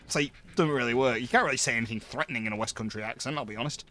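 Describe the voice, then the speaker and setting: A man's voice: medium pitch, rapid-fire, a bit bright. A man chatting casually while streaming a game, rambling with lots of ums and asides.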